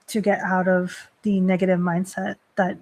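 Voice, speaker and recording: A woman's voice: lowish voice, little pitch movement, moderate pace, darkish tone, rough recording. A woman hosting a live stream as a priestess, speaking in a chatty way with many "like" fillers. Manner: chatty, heavy use of "like" fillers. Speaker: Shinto priestess and host. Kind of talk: casual live-stream talk on religion.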